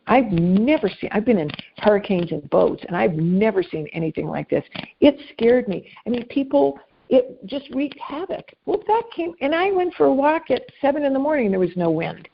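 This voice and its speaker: A woman life coach with a gravelly, husky voice chats animatedly in an interview, laughing at herself and restarting her sentences often. The audio is dull and lo-fi, like a remote call. Her pitch sits in a middle range. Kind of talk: casual interview conversation.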